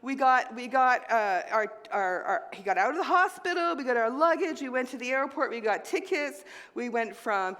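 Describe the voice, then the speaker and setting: A woman preaching a sermon with personal testimony, swinging between loud exclaims and hushed near-whispers. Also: a little high, expressive, normal speed, in a large hall. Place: church sanctuary.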